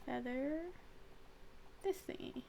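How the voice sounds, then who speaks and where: A woman's voice: sits high, slow, creaky, dark tone, a little hiss or hum. A young woman streamer chatting casually and rambling with fillers while she plays a game. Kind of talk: casual chat while gaming.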